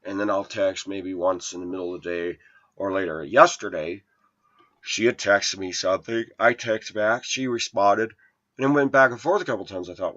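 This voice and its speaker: A man's voice: sits low, normal speed, fairly bright tone, highs cut off. A man telling a personal dating story to his viewers, aggrieved and quoting texts and calls word for word. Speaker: video blogger.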